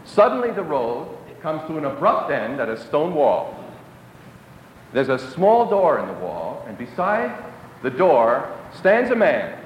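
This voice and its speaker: A man preaching a sermon as a story, dramatic, dropping to hushed lows for emphasis. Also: big pitch swings, unhurried, highs cut off, slight background noise. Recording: echoey hall.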